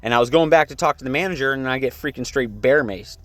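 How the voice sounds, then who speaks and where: A young man talks straight to the camera in a casual vlog. He tells his story in a loose, heated ramble, full of fillers and swearing. His voice sits at an ordinary middle pitch. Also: fast talker, dry recording. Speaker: vlogger.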